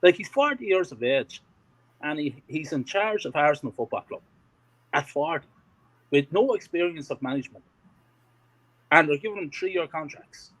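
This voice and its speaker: A man's voice: on the high side, animated, moderate pace, pauses often, fairly bright tone, low-quality recording. A man ranting in casual chat as a co-host, frustrated and emotional about his football club. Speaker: fan podcast co-host.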